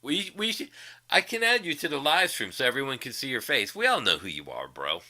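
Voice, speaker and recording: A man's voice: medium pitch, big pitch swings, brisk, sharp tone. A man hosting a casual livestream, profanely mocking a rival with frequent laughter. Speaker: livestream host.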